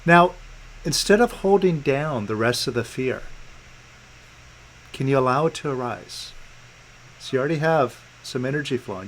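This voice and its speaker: A man guiding a client through letting go of feelings in a calm, coaxing way, repeating gentle prompts over a video call. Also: medium pitch, moderate pace, long pauses, slight background noise, low-quality recording. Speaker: meditation coach. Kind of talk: guided release coaching session.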